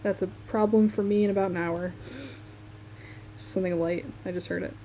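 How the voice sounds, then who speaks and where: Young Midwestern woman, mellow voice, relaxed live-stream chat while sketching, faint room hum. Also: fairly low pitch, a little fast. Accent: Midwestern American. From Michigan, USA. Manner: chatty, laughs often, talks while working.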